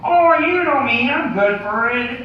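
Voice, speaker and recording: A man voicing a laid-back stoned frog puppet with a nasal, mellow drawl. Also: very high voice, animated, a little slow, highs cut off, slight background noise. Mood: easygoing. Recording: echoey room, distant mic.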